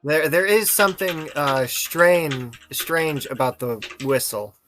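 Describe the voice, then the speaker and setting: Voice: mid-range voice, lively intonation, slow pace, fairly bright tone, faint music behind. A game master narrating a tabletop horror game in a casual, blunt, jokey manner, swearing freely.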